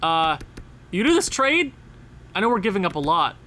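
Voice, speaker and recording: A man giving casual, excitable gameplay commentary, talking straight to the game as he plays. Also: high voice, normal speed, slight background noise. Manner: excitable, talks to the game and players. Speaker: gaming channel host.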